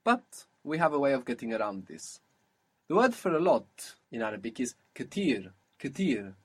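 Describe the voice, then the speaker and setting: A man teaching a one-on-one spoken language lesson, patiently explaining and modelling words slowly. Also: mid-range voice, sing-song, husky.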